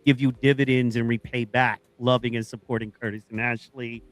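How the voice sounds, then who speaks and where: A man hosting a live podcast, cheering on his guests and moving the show along quickly. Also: medium pitch, level tone, faint music behind. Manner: hyped, cheering, fast-moving. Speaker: podcast host.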